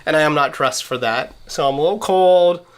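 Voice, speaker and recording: A young man hosting a casual podcast, telling a story with lively acted-out quotes. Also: a little high, fairly quick, smooth. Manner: animated storyteller, acts out quoted voices. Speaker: podcast host.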